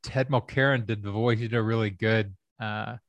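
A man's voice: on the low side, fairly even intonation, moderate pace, dry recording, lo-fi sound. A middle-aged man from Kentucky, a comedy writer and stand-up comic, telling stories in a casual, rambling way with many fillers. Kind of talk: casual storytelling chat.

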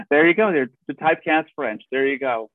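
A man hosting a casual interview, chatty and reminiscing, quick to laugh. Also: on the high side, no room sound. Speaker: podcast host. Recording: tinny phone-like line.

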